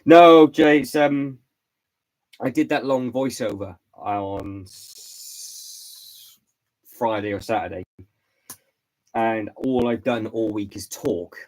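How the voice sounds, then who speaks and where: A man hosting a casual live stream, hoarse and stuffy from hay fever and a lost voice, rambling and repeating his words as he answers chat. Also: lowish voice, takes it slowly, pauses often, darkish tone, low-quality recording. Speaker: vlog host doing a live stream.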